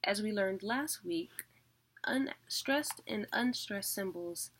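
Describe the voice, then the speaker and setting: A woman's voice: medium pitch, slow pace, fairly bright tone. A woman teaching a casual online lesson, chatty and full of fillers as she explains things visually.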